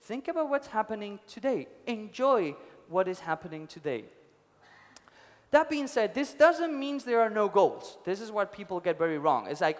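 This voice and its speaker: High-voiced man telling parables on stage. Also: sing-song, moderate pace. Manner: casual, swears, tells parables with acted quotes. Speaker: conference speaker. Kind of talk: storytelling talk. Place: conference stage. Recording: long hall reverb.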